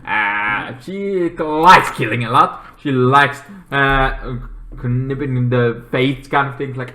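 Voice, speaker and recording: A man casually reviewing a TV episode, rambling and halting, with many fillers and restarts. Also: mid-range voice, pushed and bright. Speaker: TV show reviewer. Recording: echoey room.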